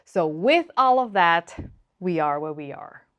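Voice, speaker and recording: A woman from Thailand, whose first language is Thai, hosting a cooking show and explaining things to camera in a lively, playful way, drawing out example words slowly. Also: lowish voice, smooth.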